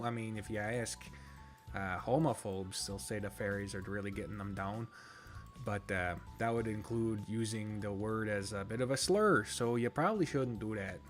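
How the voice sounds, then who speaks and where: With soft music in the background, a man streams a strategy game and talks at normal speed in loose, rambling commentary. He swears freely, makes fun of himself, and at times lowers his voice out of consideration for a roommate on a call.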